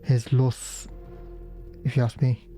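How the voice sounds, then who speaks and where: A man's voice: medium pitch, level tone, slow, dark tone, faint music behind, natural voice. A man voicing a drunken old village man who wheedles for ale in a folksy way. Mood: wheedling. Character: drunken old male villager, gruff and cadging.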